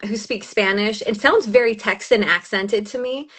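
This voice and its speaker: A woman's voice: mid-range voice, moderate pace, slightly rough. Laughing, gushing woman in her thirties. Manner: animated, laughs often, gushing. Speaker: audiobook narrator, guest. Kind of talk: casual chat.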